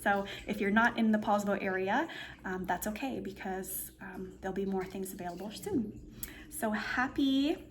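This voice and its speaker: A woman's voice: medium pitch, moderate pace, a little hiss or hum. A woman giving a casual, meandering tarot reading indoors, full of fillers and restarts as she explains the cards. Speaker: tarot reader. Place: indoor room with a painting behind her.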